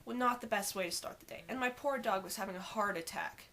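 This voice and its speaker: A teenage girl telling a vlog story in an animated, sarcastic and exasperated way. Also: medium pitch, quick pace, a little hiss or hum. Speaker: vlogger.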